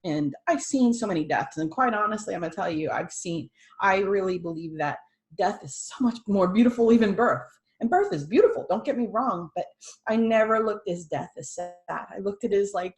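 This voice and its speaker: A woman's voice: medium pitch, normal speed. Woman telling a tearful family story. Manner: animated, laughs through tears, quotes people in dialogue. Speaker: guest sharing a personal testimony. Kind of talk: emotional personal storytelling.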